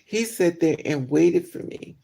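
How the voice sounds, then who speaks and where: A man's voice: fairly high pitch, expressive, measured pace, creaky, warm tone, breathy edge. A man chatting candidly with his livestream viewers, telling a personal story and answering comments. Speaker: vlogger.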